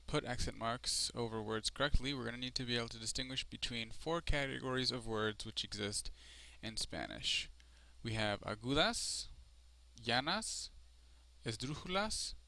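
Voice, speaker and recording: Male language teacher, screencast lesson, bright crisp voice, explanatory, lots of ums. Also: mid-range voice. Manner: explanatory, with frequent fillers and self-corrections. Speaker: Spanish teacher.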